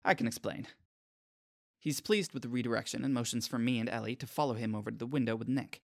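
A man's voice: mid-range voice, fairly even intonation, racing, creaky, no echo, clean studio sound. A man giving scripted first-person narration as an earnest, self-conscious inner monologue.

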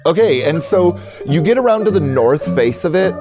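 A man's voice: on the high side, lively intonation, moderate pace, over music. A man running a tabletop game as game master, describing scenes in a chatty, laughing way.

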